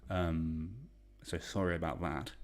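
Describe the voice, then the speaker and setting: A young man from England hosting an online quiz, chatty and self-deprecating as he reads out questions and shout-outs. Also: sits low, level tone, measured pace. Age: young adult. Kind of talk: casual quiz hosting livestream.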